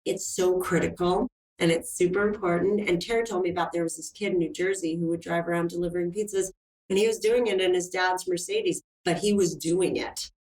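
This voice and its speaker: A woman's voice: on the low side, steady tone, a little fast, a little mellow. A middle-aged woman talking earnestly and reflectively in a casual interview. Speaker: film producer guest. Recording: roomy, distant mic.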